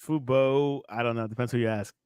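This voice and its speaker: A man with a smooth, clear voice hosts a casual sports podcast. The sound is dry and close. He moves briskly through scores before handing off to his co-host. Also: medium pitch, steady tone, a little mellow, dry recording.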